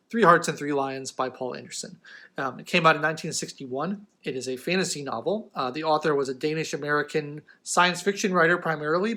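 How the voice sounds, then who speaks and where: A man's voice: on the high side, a bit bright. Chatty man rambling about a book. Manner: loose and rambling with fillers and restarts. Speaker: book reviewer. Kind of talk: casual book review monologue.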